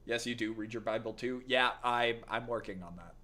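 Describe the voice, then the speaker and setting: With a bright, forceful, medium-pitched voice and a slightly fast delivery, a gaming streamer kids around with his chat. He teases viewers casually and tries a playful accent that won't stay put.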